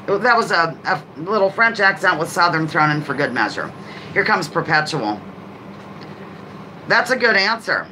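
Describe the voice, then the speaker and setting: A woman hosting a live trivia game on a stream, chatting casually, greeting viewers by name and reading each question out slowly. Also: on the low side, big pitch swings, pushed and bright, a little hiss or hum, low-quality recording. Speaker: livestream host.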